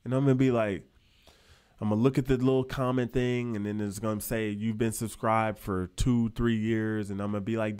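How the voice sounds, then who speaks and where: A man's voice: fairly low pitch, level tone, a little fast, darkish tone, smooth. Preachy, fired-up man. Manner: preachy, emphatic, repeats himself, casual slang. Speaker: finance YouTuber. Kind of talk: fired-up motivational vlog talk.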